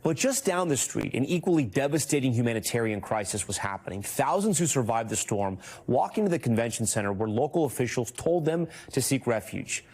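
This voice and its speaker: A news anchor introduces a report, then questions his guest in an even, conversational tone. The man's voice sits in a middle register. He sounds composed and professional. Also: medium pitch, a little fast, few pauses. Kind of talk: broadcast news narration and interviewing.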